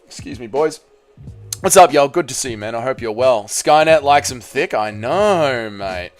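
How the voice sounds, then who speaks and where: A man's voice: medium pitch, animated, moderate pace, soft background music. A young Australian man with an Australian accent hosting a live stream, reading chat messages aloud and answering with blunt, jokey, foul-mouthed banter. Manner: blunt, jokey, swears freely, calls people mate and brother.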